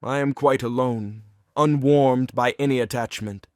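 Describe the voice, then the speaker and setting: A man's voice: mid-range voice, fairly even intonation, a little slow, no echo, studio quality, close to an everyday voice. A man reading the role of a despairing, lovesick young writer in a play reading, earnest and pleading.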